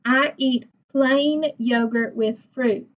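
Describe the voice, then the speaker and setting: A woman teacher leading a phonics lesson for young children. She talks slowly and patiently, sounding out words and praising each answer. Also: high voice, steady tone. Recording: dull lo-fi recording.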